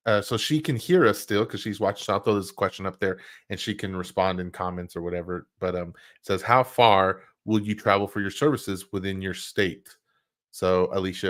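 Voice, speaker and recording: A man's voice: deep voice, a bit bright. A man hosting a podcast livestream, chatting casually with an upbeat, rambling, enthusiastic manner. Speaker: podcast host.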